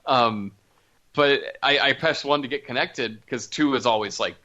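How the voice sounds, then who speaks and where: A man's voice: medium pitch, normal speed, sharp tone, muffled recording. A man co-hosting a wrestling talk podcast, telling a story in casual chat and laughing as he goes. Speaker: podcast co-host.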